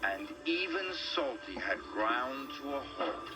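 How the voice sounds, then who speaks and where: Male storybook narrator, mid-pitched, animated, over music. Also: slow. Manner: expressive, animated reading. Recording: music bed behind the voice.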